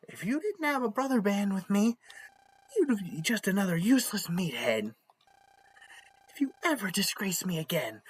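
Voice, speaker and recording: A woman's voice: medium pitch, pitched above the performer's own voice. A woman voicing a haughty, bossy schoolgirl who scolds and makes demands. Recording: faint game music behind.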